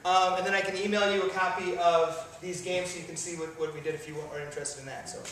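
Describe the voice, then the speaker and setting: A man, an improv performer, leading a group through an energetic icebreaker game and explaining the rules in a playful, upbeat way. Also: sits high, fast, heavy background noise. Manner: upbeat, playful, bursts into loud exclamations. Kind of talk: energetic live game demonstration. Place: event room with a crowd. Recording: echoey room, from far off, crowd around.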